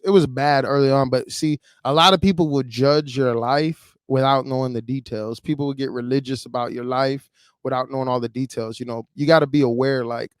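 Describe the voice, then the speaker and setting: A man in his thirties from Chicago tells a personal story on a livestream. He speaks in a casual, emotional way, full of "like" and "you know." His voice sits at a middle pitch, and it sounds dry and close to the mic. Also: dry recording. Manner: emotional, conversational, many fillers. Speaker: livestream host.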